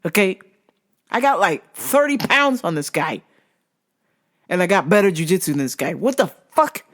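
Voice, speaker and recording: A podcast host ranting casually about fights, swearing a lot and getting heated and excitable. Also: normal speed. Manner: wide, jumpy pitch swings when worked up. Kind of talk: casual solo rant podcast.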